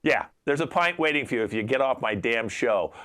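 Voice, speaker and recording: A man hosting a mock radio tax call-in show in an improv comedy show, exasperated and dishing out deadpan put-downs. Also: mid-range voice, fairly quick. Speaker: improv host playing radio tax advisor. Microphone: video call.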